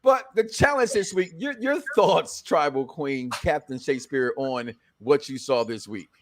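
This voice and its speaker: A man's voice: mid-range voice, lively intonation, measured pace. A man hosting a casual reality-show review chat, joking and rambling, often restarting his sentences. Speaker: podcast host.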